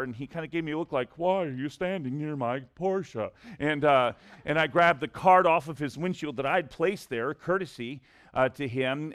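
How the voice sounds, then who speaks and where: A middle-aged man preaching a sermon, telling a personal story and acting out the voices in it. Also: clear, resonant tone. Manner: animated storyteller, acts out voices with big pitch swings. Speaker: pastor.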